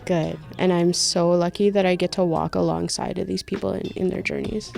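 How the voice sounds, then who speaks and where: Woman panelist, low gravelly voice, flat delivery, earnest and reflective, faint music behind. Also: a little fast. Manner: earnest, reflective, speaks from personal experience. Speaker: panelist and support worker. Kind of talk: radio panel discussion.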